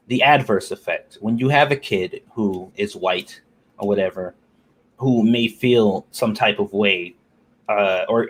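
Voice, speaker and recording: A man who is a guest in a casual discussion, talking in an easygoing, joking way. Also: on the low side.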